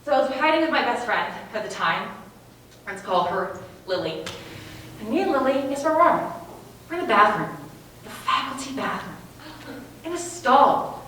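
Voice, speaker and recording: A young woman telling a stand-up story on a small theater stage, animated and giggly. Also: fairly high pitch, normal speed, long pauses, a little hiss or hum. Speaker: comedian. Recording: echoey stage from far off.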